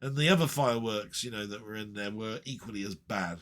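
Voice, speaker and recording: A man's voice: on the low side, brisk, fairly bright tone. A man rambling in a casual, chatty way with frequent ums and asides as a retro gaming vlogger.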